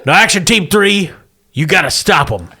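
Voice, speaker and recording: A man voicing a gruff middle-aged Marine captain who briefs his team in clipped military orders during a tabletop game. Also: sits high, lively intonation, moderate pace, heavy background noise, voice pushed up. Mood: briefing.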